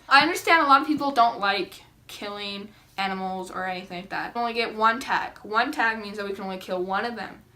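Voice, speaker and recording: A young woman vlogging to camera, telling a story in a chatty, excitable way with lots of "like" and dramatic reactions. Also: fairly high pitch. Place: indoors at home, seated.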